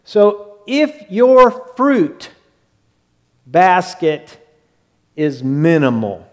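A pastor preaching a sermon, slow and emphatic, with quick acted-out asides. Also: male voice, high-pitched, big pitch swings, in a large hall.

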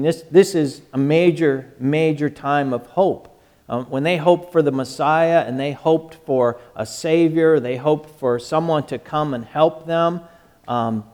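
A man's voice: on the high side, a little mellow. A male pastor giving a folksy, conversational sermon, joking and often restarting his sentences.

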